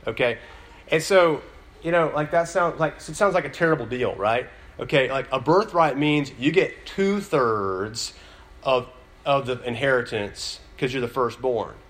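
A man's voice: medium pitch, measured pace, a bit bright. A man giving a sermon in a conversational style, full of fillers and restarts, now and then building to an emphatic point. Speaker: pastor.

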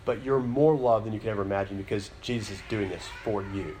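A man's voice: on the low side, fast talker, darkish tone. A man giving a sermon in a conversational style, full of fillers and restarts, now and then building to an emphatic point. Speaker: pastor.

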